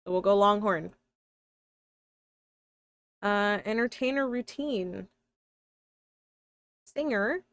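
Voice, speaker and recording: A woman's voice: mid-range voice, takes it slowly, pauses often, a bit bright, no echo. A young woman with a slight lisp, chatting casually on a live stream, thinking aloud and talking to her viewers. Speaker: live streamer and tabletop player.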